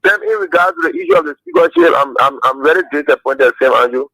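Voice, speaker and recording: A man's voice: fairly high pitch, huge pitch swings, fast talker, creaky, pushed and bright, no room sound. A man calling into a radio show over a phone line, repeating himself emphatically. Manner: repetitive, emphatic, disappointed. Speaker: caller. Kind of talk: phone-in complaint.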